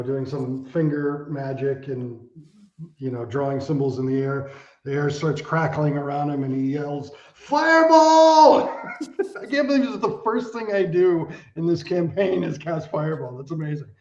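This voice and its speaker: A man takes his turn in a tabletop game, talking in an animated way and laughing often. His voice is a little high, and it comes through a dull, muffled line with a roomy echo. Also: a little slow. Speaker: player. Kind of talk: casual game chat.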